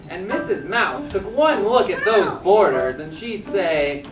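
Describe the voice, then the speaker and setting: A woman narrating a children's stage play, telling the story slowly and clearly while cueing the young performers. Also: on the low side, expressive. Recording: echoey stage from far off with music.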